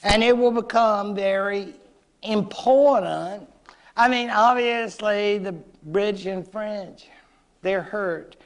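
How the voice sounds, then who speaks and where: A man's voice: high-pitched, slow. A man giving a casual, playful history lecture to a class, joking and acting out short quotes.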